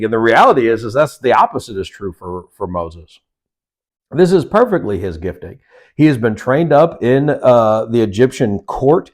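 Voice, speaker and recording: A man's voice: medium pitch, big pitch swings. A man teaching a Sunday School lesson in a conversational way, with frequent restarts and self-corrections. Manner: conversational, acts out voices in quotes, halting restarts. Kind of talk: Bible study lesson.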